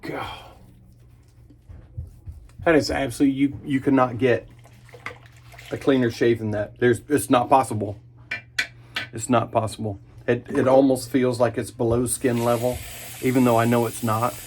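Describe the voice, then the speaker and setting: A man in his thirties hosting a casual shaving vlog at his bathroom sink, relaxed and enthusiastic, humming in approval. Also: mid-range voice, normal speed, pauses often, a little hiss or hum. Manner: relaxed, enthusiastic, chatty with small hums of approval. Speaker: wet shaving channel host. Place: home bathroom at the sink, indoors.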